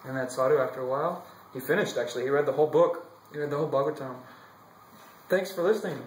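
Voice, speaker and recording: A man telling a devotional story expressively, shifting from loud to whispered passages. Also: mid-range voice, fairly even intonation, very fast, roomy sound, slight background noise, poor audio. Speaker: storyteller monk.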